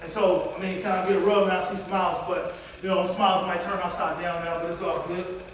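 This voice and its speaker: This motivational speaker has a high voice that barely moves in pitch and a fairly quick delivery. In a big, echoing hall, recorded from a distance with faint noise, he calls out to his audience in a preacher's style.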